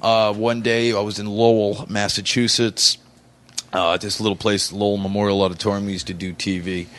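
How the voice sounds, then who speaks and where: Low-voiced man telling a rambling story. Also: flat delivery, fairly quick, a bit bright. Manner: rambling, many fillers and restarts. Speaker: podcast guest. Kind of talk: casual storytelling.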